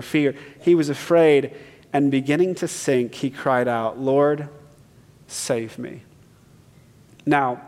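A man preaching to a congregation, earnest and emphatic as he reads scripture aloud and unpacks it. His voice sits a little on the high side. The sound carries a long reverb from a church hall. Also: a little mellow. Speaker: pastor. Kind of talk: sermon.

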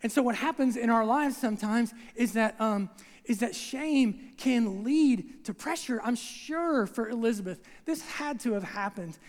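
A preacher delivering a sermon in a relaxed, storytelling way, often checking in with the listeners. The recording comes from a church sanctuary and carries a long reverb tail. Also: medium pitch, unhurried. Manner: conversational, acts out scenes, repeats "right?".

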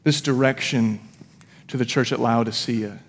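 A man's voice: mid-range voice, fairly even intonation, normal speed. A man in his thirties, a pastor preaching a sermon in a church, telling a personal story in a conversational way with self-deprecating asides. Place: church sanctuary. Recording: long hall reverb.

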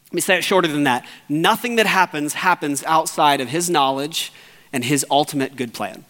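High-pitched guy pastor preaching a sermon, earnest, goes quiet then loud, big echoey church. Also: normal speed. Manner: earnest, swings from hushed and low to raised and urgent. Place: church sanctuary.

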